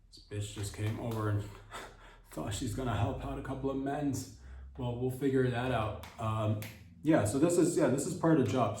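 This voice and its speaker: A man's voice: medium pitch, darkish tone. A man hosting a comedy podcast, rambling through an improvised bit and cutting himself off mid-sentence. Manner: rambling, self-interrupting, quick asides. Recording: roomy, voice far from mic.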